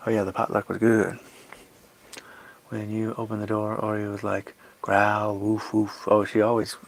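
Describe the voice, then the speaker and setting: Playful man with a gravelly voice. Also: on the low side, flat delivery, moderate pace, slight background noise. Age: 30s. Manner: playful, rambling, breaks into silly made-up songs. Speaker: livestreamer chatting with viewers. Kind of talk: casual live-stream chat.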